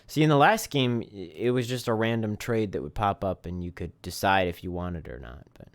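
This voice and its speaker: A man's voice: fairly low pitch, normal speed, few pauses. A man casually commentating a game stream, reading the on-screen text aloud and joking at his own expense. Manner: self-deprecating, reads game text aloud. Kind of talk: casual let's-play commentary.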